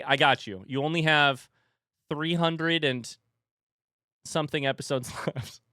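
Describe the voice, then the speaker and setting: Male streamer, casual rambling chat, reads chat aloud, smooth voice, dry close mic. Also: a little high, a little slow, pauses often, bright, forceful tone, no echo. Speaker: livestreamer.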